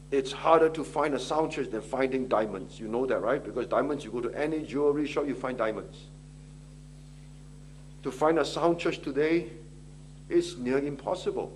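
A man's voice: a little high, a little hiss or hum. A middle-aged man preaching a sermon, pressing his listeners with pleading questions. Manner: impassioned, rising to pleading questions.

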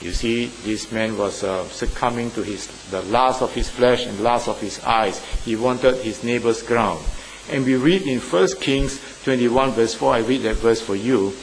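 A man preaching a sermon, emphatic, swinging between loud stressed phrases and quiet asides. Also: medium pitch, unhurried. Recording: faint noise and long hall reverb.

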